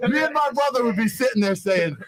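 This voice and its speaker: Fast-talking man telling a wild story. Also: extremely high pitch, animated, a crowd in the background. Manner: acts out quoted voices, swears freely. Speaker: podcast guest. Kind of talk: animated storytelling.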